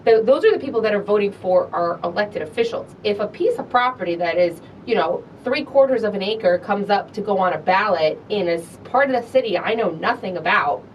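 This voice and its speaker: A woman co-hosting a podcast, telling a story in a lively, animated way and acting out both sides of a conversation, with an American accent. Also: brisk, hardly any pauses. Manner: animated, acts out dialogue with big pitch jumps. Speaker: podcast co-host. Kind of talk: casual storytelling chat. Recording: distant mic with faint low rumble.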